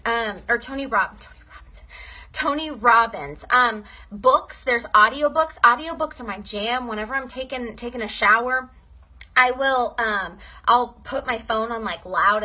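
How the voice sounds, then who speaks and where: A woman's voice: on the high side, pushed and bright. A young woman giving a casual training talk to her sales team, upbeat and chatty, often checking in with "okay?".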